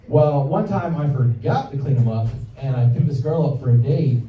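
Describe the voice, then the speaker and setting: A man's voice: medium pitch, animated, moderate pace, few pauses, far from the mic, slight background noise. A young man doing a stand-up comedy set on a club stage, awkward and self-deprecating, with a slight Southern American accent. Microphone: handheld stage mic. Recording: roomy club recording from the audience, dull sound. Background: audience laughter.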